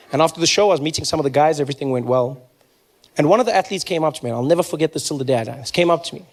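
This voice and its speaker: High-voiced stand-up comic, stammering. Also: male voice. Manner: animated, stammering for effect. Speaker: comedian. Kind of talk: stand-up comedy storytelling.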